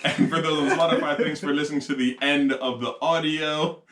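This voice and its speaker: A man's voice: on the high side, fairly even intonation, fairly quick, background noise. A man co-hosting a podcast, joking and rambling off on tangents in casual chat. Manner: jokey, rambling, goes off on tangents. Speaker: podcast co-host. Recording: echoey room.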